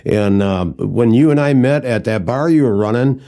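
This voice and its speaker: A man's voice: mid-range voice, expressive, moderate pace, warm tone. A man co-hosting a podcast in casual conversation, telling stories in a rambling way full of fillers. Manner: rambling storyteller, many fillers. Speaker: podcast co-host.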